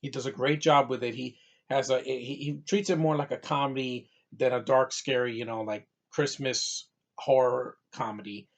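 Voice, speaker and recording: A man's voice: mid-range voice, fairly even intonation, normal speed, lo-fi sound. A man from New York giving a casual, rambling movie review, full of fillers and restarts.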